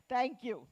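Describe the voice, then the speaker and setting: A woman guides a group of children through a storytelling session, speaking slowly and deliberately. Her voice sits a little high, and she coaxes answers from the kids with playful prompts. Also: darkish tone. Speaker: children's author at a festival session. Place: festival venue.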